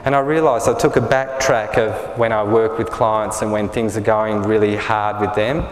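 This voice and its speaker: A man teaches a small group in a relaxed spiritual workshop, speaking gently and often asking his listeners whether it makes sense. The room sounds big and echoey, and a long reverb trails after each phrase. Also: on the low side, normal speed, slight background noise. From Australia. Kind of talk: live talk to a small group.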